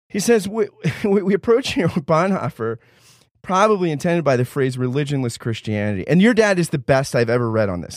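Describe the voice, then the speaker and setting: A man's voice: mid-range voice, dry recording, studio quality. A man talking animatedly in a casual roundtable chat, often restarting his sentences. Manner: animated, restless with many restarts.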